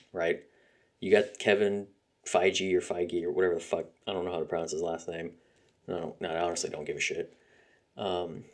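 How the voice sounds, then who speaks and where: A man hosting a solo podcast, ranting heatedly with constant swearing, fillers and sarcastic laughs. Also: deep voice. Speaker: podcast host.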